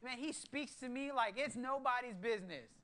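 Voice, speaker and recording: A man in his thirties preaching a sermon to his church, moving from hushed, earnest low tones to excited bursts. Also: normal speed. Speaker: pastor.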